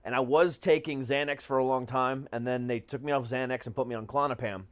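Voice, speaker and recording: A man's voice: medium pitch, fairly even intonation, brisk. A man hosting a podcast in casual chat, talking candidly and crudely with jokes. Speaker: podcast host.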